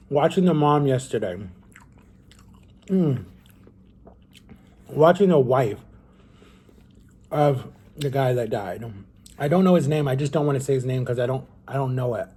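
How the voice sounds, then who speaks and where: A man's voice: mid-range voice, takes it slowly, pauses often, warm tone, husky. A young man talking casually to camera at home, earnest and rambling, often restarting his sentences. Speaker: vlogger.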